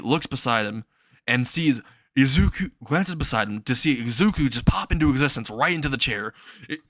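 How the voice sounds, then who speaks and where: A young man improvising a fan-made anime story aloud, rambling and restarting as he goes. His voice is mid-pitched and the recording sounds dry and close. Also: fairly bright tone, no room sound. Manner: rambling, many fillers and restarts, laughs at own story.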